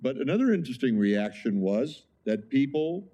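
Man, pastor, sermon, mellow warm tone, emphatic, conversational, rhetorical questions. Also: medium pitch, very animated, normal speed.

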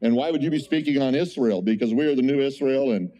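A fast-talking pastor with a mid-range voice preaches a conversational sermon. He tells an animated story, punctuated by frequent exclamations.

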